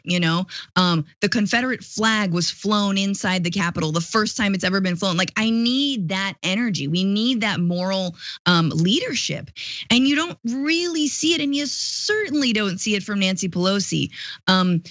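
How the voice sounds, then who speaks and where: A woman in her thirties giving animated, impassioned political commentary in casual chat, dropping quick asides. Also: mid-range voice, no room sound, lo-fi sound. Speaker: guest co-host, political commentator.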